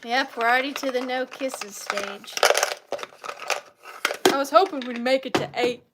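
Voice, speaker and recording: A woman's voice: sits high, unhurried, heavy background noise. A woman in her thirties hosting a live vintage sale, chatty and self-deprecating, easily moved to tears. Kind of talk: chatty live-stream selling.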